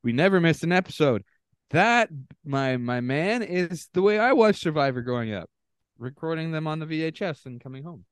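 A man's voice: a little high, lively intonation, normal speed, clean tone, no room sound. A man co-hosting a podcast, chatting casually and teasingly about a reality show cast over a video call, swearing freely and laughing often. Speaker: podcast co-host.

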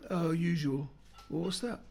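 An older man spins rambling pub stories and old one-liners as a comedian guest. His voice is a touch high for a man and has a gravelly edge. He drops into quick character voices mid-story. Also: fairly even intonation, a little mellow, a little hiss or hum. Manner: rambling joke-telling storyteller with quick impressions. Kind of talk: casual anecdotal chat.

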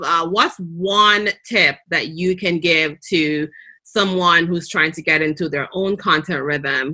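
A woman's voice: fairly low pitch, bright, forceful tone. Encouraging Jamaican woman host. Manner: encouraging, coaching, often ends with "right?". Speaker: host, coach. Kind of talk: casual interview chat.

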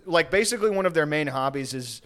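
A man's voice: fairly high pitch, lively intonation, fast talker, a bit bright. Giggly young man riffing. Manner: giggly, jokey, laughs a lot. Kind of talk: crude comedic banter.

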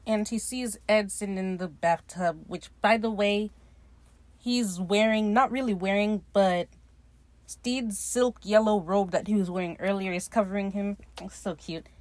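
A woman hosting a podcast, casually recapping a TV episode in an animated, gushing, profane way. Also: medium pitch, unhurried, dry recording. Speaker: podcast host.

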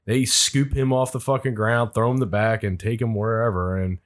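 A man's voice: lowish voice, steady tone, a little fast. A man telling casual, profane stories about late-night city work on a podcast. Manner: profane, laid-back anecdotes. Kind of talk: casual storytelling chat.

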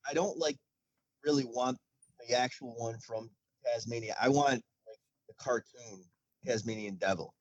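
Halting man joking crudely on a podcast. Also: medium pitch, no room sound, highs cut off. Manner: halting, repeats words, crude jokes. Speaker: podcast co-host. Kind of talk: casual banter.

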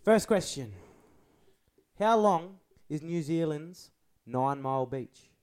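A man's voice: on the high side, lively intonation, slow pace, a little mellow, clear, resonant tone. A man hosting a podcast and running a trivia quiz in casual chat, teasing and swearing, often laughing.

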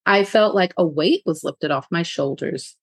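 A woman hosting her own podcast, telling a personal story in a frank, animated way and laughing often. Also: on the low side, normal speed, husky, no room sound. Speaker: podcast host.

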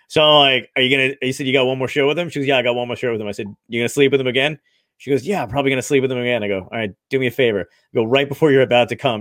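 A man hosting a casual chat with a comedian, laughing often and chiming in with quick, profane agreement. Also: mid-range voice, fairly bright tone, no echo, clean studio sound.

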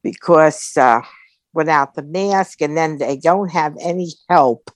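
A woman in her seventies from New Jersey with a Jersey accent and a low, gravelly voice, chatting as a podcast guest over a phone video call, giving short, dry replies. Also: unhurried, no echo. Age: 70s. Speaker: podcast guest, host's mother. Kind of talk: casual chat.

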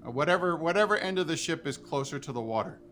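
A man playing a tabletop game, relaxed with dry humor. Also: a little high, quick pace, slight background noise. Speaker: player. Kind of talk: casual tabletop play.

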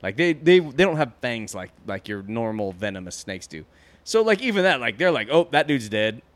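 Animated, profane man riffing on a movie. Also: medium pitch, a little fast, dry recording. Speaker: podcast co-host. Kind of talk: casual movie-recap banter.

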